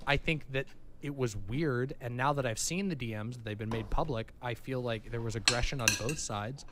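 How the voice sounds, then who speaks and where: A man in a stream debate disagreeing calmly, weighing his words and admitting he could be wrong. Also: medium pitch, heavy background noise. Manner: measured, doubting, careful.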